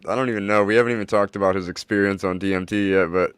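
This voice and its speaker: Deep, smooth-voiced male co-host. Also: fairly even intonation, rapid-fire, no echo. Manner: blunt, swears freely, laughs often. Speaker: podcast co-host. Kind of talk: casual chat.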